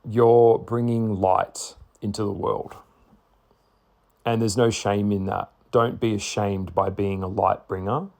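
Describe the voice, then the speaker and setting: A man talking bluntly to camera in a casual monologue, swearing freely and stressing his points with slow, repeated words. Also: fairly low pitch, fairly even intonation, creaky, darkish tone. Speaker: spiritual vlogger.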